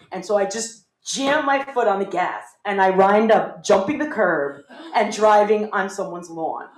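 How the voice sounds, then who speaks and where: A woman telling a funny personal story on stage, animated and self-mocking. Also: on the low side. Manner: animated, self-mocking, acts out voices of family. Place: small theater with live audience. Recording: roomy live theater sound.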